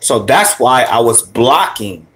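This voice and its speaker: A man's voice: mid-range voice, big pitch swings, measured pace, a bit bright. A young man livestreaming from his phone as he walks to a store, rambling, swearing and answering his chat. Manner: profane, rambling and joking, talks back to chat. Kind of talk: casual livestream talk. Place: out walking to a store, then inside the store.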